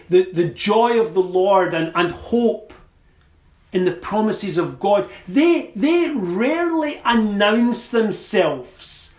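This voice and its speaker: Slow, high-pitched preacher in an echoey hall. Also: male voice. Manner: slow, measured preaching with rising emphatic phrases. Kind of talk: sermon.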